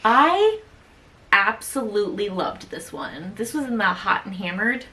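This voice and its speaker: A woman's voice: mid-range voice, animated, unhurried, sharp tone, far from the mic. Gushing young woman, a little off-mic. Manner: gushing, repetitive enthusiasm. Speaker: co-host. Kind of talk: casual book review chat. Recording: voice sitting off-mic.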